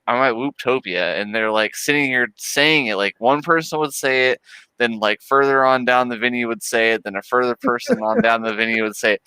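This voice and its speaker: Guy hosting a stream, rambly and laughing a lot, bright crisp voice, dry close sound. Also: medium pitch, no room sound, poor audio. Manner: rambling, laughs often, lots of "like". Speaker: livestream host. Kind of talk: casual storytelling chat.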